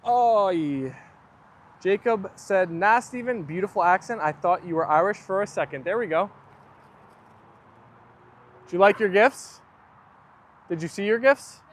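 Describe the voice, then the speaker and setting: A man's voice: high-pitched, animated, unhurried, pauses often. A young man hosting a casual livestream, chatting and reading viewer comments aloud. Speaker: livestream host. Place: outdoors near a garden.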